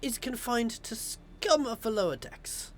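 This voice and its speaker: A man's voice: very high-pitched, lively intonation, a little slow, slight background noise. A man voicing a stuffy, pompous male ship administrator as he reads video game dialogue aloud in a formal, fussy manner. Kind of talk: video game voice-over reading.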